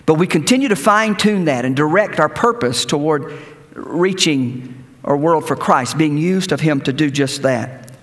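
A male pastor preaching a sermon in a church, animated, with repeated words and rhetorical questions. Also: fairly high pitch, normal speed, big-room sound. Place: church sanctuary.

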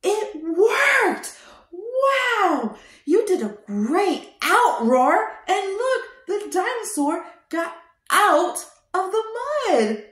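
A young woman hosting a toddler show, talking in a slow, exaggerated sing-song way to teach small children. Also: very high-pitched, sing-song, a bit bright. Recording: roomy echo.

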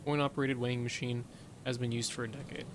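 A man's voice: medium pitch, level tone, fast, noisy background. A male streamer casually reading game text aloud and making wry asides while playing. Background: game music.

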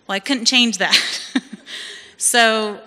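A church member from California gives her personal testimony during a service in a church hall. Her voice is bright and fairly high, her pace slow, and the big room carries the sound. She tells her story in a lively way, acting out the voices of people she quotes.

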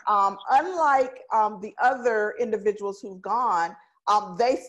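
A woman moderating a business panel over a video call, calling on each guest with deliberate questions. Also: mid-range voice, a bit bright, poor audio.

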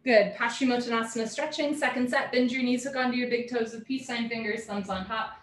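Woman teaching yoga at home, brisk cues and chatty asides, room echo. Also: a little high, steady tone. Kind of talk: live yoga class instruction.

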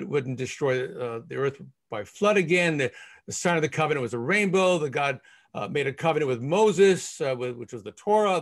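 A man teaching scripture with a slightly high voice. He speaks as a rabbi in a live discussion, leaning hard on the key words of the verses he quotes.

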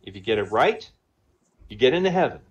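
A man's voice: medium pitch, very animated, fairly quick. A man telling a string of jokes in casual style, chatty and laughing at his own punchlines. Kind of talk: casual joke-telling on a voice chat. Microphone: online voice chat.

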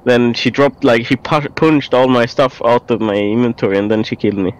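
A man's voice: medium pitch, fairly even intonation, brisk, clean tone, low-quality recording. A young man chatting casually as a gaming partner, hesitant and restarting his words. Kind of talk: casual chat.

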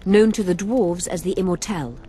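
An actor playing a learned male healer mage who talks in a formal, measured, explanatory way in a fantasy video game. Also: high-pitched, mellow, lightly acted.

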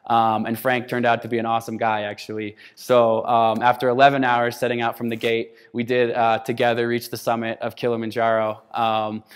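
A man's voice: mid-range voice, monotone, brisk, hardly any pauses, clear, resonant tone. A man in his thirties giving a storytelling keynote talk, animatedly acting out quoted dialogue. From United States. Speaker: keynote speaker. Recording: hall reverb.

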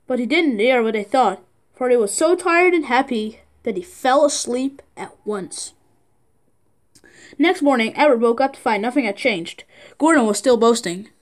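A woman's voice: a little high, lively intonation, moderate pace. A woman narrating a train story for a fan redub, reading plainly with small slips.

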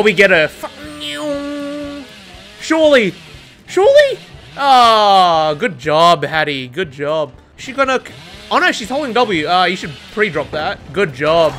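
Hyped gamer yelling and laughing through a match, swears constantly, voice bouncing all over, faint music behind. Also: mid-range voice. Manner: excitable, swears a lot, laughs often. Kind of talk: live gameplay commentary.

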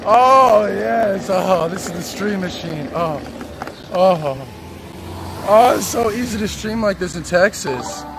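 A brash, profane young man livestreaming outdoors on a city street while sitting in a chair, commenting on traffic and shouting at passersby. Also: sits high, expressive, slow, creaky. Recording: loud traffic noise outdoors.

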